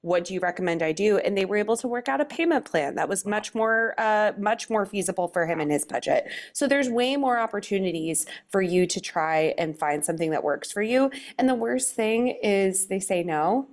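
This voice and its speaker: A woman guest, a book co-author, giving upbeat and animated interview answers. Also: mid-range voice, moderate pace, few pauses.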